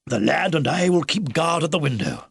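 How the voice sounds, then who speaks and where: A fatherly old beaver grandfather, voiced by a male audiobook reader, gives calm orders with little halting pauses. The voice rises and falls a great deal and carries a faint husk. It sounds close and dry, like a storybook reading. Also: fairly high pitch, creaky, slightly rough, dry recording, heavily acted. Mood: urgent. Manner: hesitant, fatherly, says uh before orders. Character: elderly male beaver, kindly grandfather, steady.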